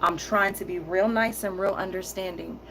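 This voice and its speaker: Woman tarot reader, mid-pitched, firm and heated, repeats herself for emphasis, talks straight at the viewer. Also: fairly even intonation, moderate pace, a bit bright, slight background noise, poor audio. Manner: heated, intense delivery; casual, direct address to viewers. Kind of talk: spoken tarot reading.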